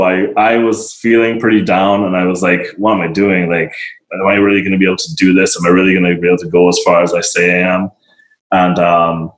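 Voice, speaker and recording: A man's voice: low voice, reverberant, poor audio. A man being interviewed as a podcast guest, talking in a rambling, reflective and self-deprecating way. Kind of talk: casual conversational interview.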